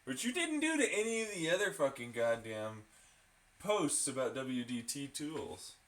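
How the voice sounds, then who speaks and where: A man rants in a profane, sarcastic, mocking way, his bright voice swinging widely in pitch. He talks slowly and is recorded from some distance in an echoey room. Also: very animated. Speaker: vlogger. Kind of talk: casual ranting to camera. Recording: echoey room, far from the mic.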